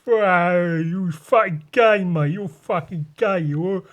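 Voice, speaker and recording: A man putting on a rowdy male English football hooligan, yelling crude insults. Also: sits high, slow, voice pushed up. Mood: jeering.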